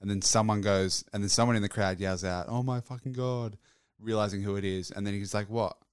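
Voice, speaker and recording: A laid-back man with a lowish voice chats on a podcast, wry and easygoing as he tells a story. The recording is dry and close, with no room sound at all. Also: little pitch movement, fast, smooth, no room sound. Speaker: podcast co-host. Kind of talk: casual chat.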